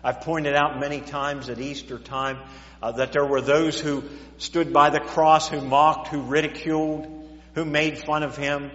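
A man's voice: medium pitch, steady tone, unhurried, a bit bright. A man preaching a sermon in a church, repeating words as he stammers and rising and falling in volume. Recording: echoey dull church hall recording.

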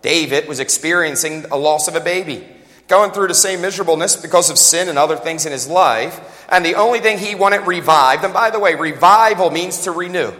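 A man preaching a sermon as a pastor, talking fast and joking in a conversational way, recorded with long hall reverb in a church. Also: a little high, bright, forceful tone. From United States.

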